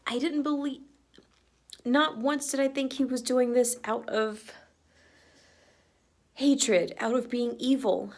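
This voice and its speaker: Chatty, earnest woman with a higher voice. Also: a little slow, long pauses, darkish tone. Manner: earnest, chatty, emotional, often laughing. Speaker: movie reaction vlogger. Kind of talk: casual reaction vlog.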